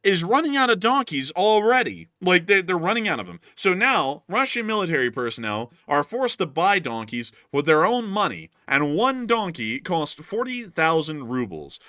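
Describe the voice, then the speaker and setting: Bright-voiced joking commentary man. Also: high-pitched, big pitch swings, normal speed, few pauses, no echo, clean studio sound. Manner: jokey, laughing, exclaims "holy moly", mocks voices. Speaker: war news commentary host. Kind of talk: casual commentary over clips.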